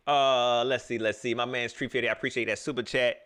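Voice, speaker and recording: A man's voice: medium pitch, a little fast, few pauses, no echo, clean studio sound. A man hosting a live reaction stream, mocking and laughing as he comments on a clip. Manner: animated, laughing, mocking banter. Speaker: livestream host.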